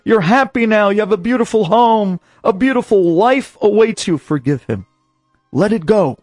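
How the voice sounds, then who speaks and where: A man voicing a revered elderly rabbi who pleads gently and insistently in a story he is telling. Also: high voice, a little fast, no room sound, clean studio sound, faint music behind, pitched above the performer's own voice, close to an everyday voice. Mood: pleading. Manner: pleading, earnest.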